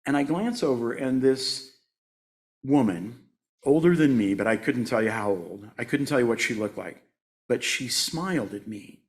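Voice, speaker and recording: A man's voice: mid-range voice, expressive, moderate pace. A man in his sixties giving a conversational sermon as a guest speaker at a church, joking at his own expense and laughing often. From United States. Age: 60s. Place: church sanctuary.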